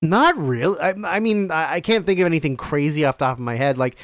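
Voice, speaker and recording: A man's voice: a little high, expressive, fast talker, no room sound. A man in his thirties, co-hosting a podcast and answering listener questions in a rambling, profane, casual way. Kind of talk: casual Q&A chat.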